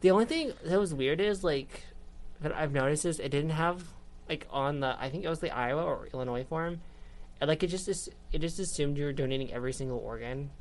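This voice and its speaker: A young woman with a low, slightly mellow voice talks a little quickly while co-hosting a laid-back student radio show. Her scripted chat rambles, full of fillers and giggles.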